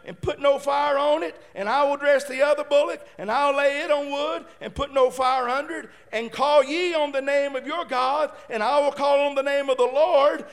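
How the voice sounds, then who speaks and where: Male preacher, very high voice, fervent, shouts in bursts, reads scripture. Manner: playful asides while retelling the story. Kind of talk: sermon.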